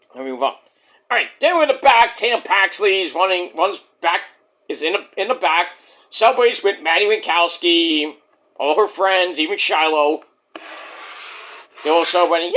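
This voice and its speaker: A man in his forties giving a casual, rambling, profane review, now and then mimicking others in quick put-on voices. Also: sits high, bright, forceful tone. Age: 40s. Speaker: wrestling show reviewer.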